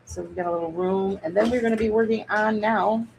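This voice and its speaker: Woman host, craft stream, gravelly texture, mid-range pitch, loose and chatty, talks to her viewers while working. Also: fairly even intonation, brisk, a little mellow, slight background noise, low-quality recording. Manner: chatty, rambling, reads out and answers viewer comments. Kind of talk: casual craft livestream chat.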